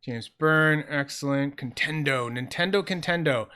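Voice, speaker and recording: A man chatting casually on a home livestream into a close, sensitive mic, rambling, excitable and swearing freely. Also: on the high side, measured pace, clean tone. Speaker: fidget toy livestreamer.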